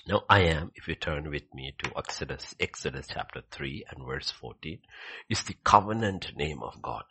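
A man preaching a sermon, often saying "okay", repeating key phrases and moving between loud emphatic bursts and hushed, whispered scripture readings. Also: extremely low pitch, expressive, moderate pace, slight background noise.

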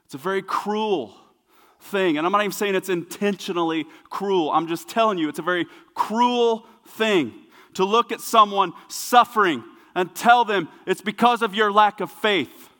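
A man delivers a sermon in a church sanctuary, his voice high and bright. He preaches with emphatic repetition, dropping to a hush and then building up loud again. A long reverb trails behind each phrase. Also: normal speed. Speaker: pastor.

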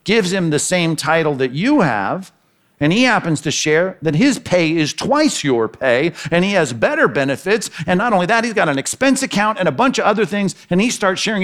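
A man preaching a sermon, reading scripture and acting out the characters' voices with lively energy. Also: high-pitched, a little fast. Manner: animated, acts out the characters' lines in the parable. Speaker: pastor.

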